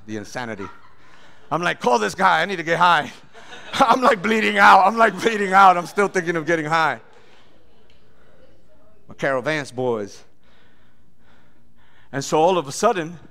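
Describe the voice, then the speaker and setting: Bright-voiced man preaching his testimony. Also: mid-range voice. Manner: animated storytelling, acts out voices, laughs often. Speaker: pastor. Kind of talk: sermon testimony.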